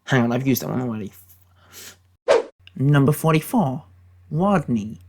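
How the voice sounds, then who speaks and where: Brief: British guy faking an American accent, gravelly, deadpan mock-serious ranking rants. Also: mid-range voice, measured pace, heavy background noise. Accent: put-on American accent. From Britain. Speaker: YouTube commentator. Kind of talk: satirical tier-list commentary.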